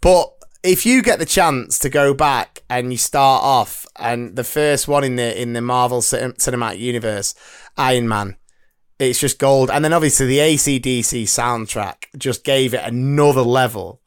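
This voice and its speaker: A man in his thirties trades playful banter on a podcast. His voice sits at an ordinary middle pitch, and he teases and laughs easily as the chat runs on. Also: moderate pace, smooth. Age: 30s. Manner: teasing, laughs often. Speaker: podcast co-host. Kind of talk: casual banter.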